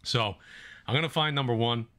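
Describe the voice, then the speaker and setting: A man's voice: medium pitch, normal speed, a bit bright. A man co-hosting a casual comic book podcast, talking in a laid-back, rambling way with plenty of fillers. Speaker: podcast co-host.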